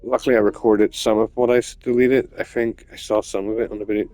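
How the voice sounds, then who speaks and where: A man's voice: on the low side, little pitch movement, fast talker, darkish tone, no room sound, soft background music. Swearing, ranting gamer man. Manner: swears a lot, ranting, repeats himself. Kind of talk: frustrated gameplay commentary.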